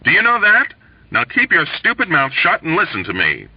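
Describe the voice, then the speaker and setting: A man's voice: on the high side, wildly swooping pitch, moderate pace, slightly rough, no echo, pitched above the performer's own voice, heavily acted. A man voicing a desperate, indignant young male airman who talks in a frantic, emphatic way. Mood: frantic insistent. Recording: dull lo-fi dry recording.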